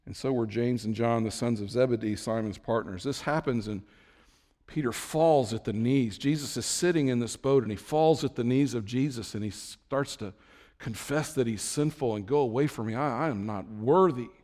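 Animated preacher in a reverberant hall. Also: male voice, moderate pace. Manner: storytelling, swings from low and quiet to high and excited. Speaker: pastor. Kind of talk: sermon.

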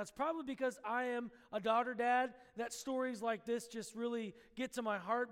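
A man's voice: extremely high pitch, in a large hall. A man preaching a sermon, praying and then telling a story in an earnest storytelling manner. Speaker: pastor. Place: church sanctuary.

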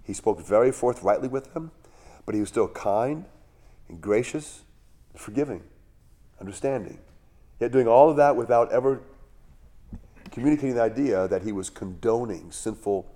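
A man's voice: fairly low pitch, warm tone. A middle-aged male pastor giving a sermon in a conversational way, with rhetorical questions and asides.

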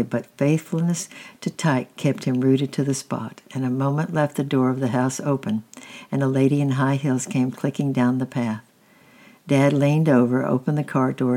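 A reader gently reading a children's chapter book aloud, with small slips and restarts. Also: medium pitch. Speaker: storybook reader.

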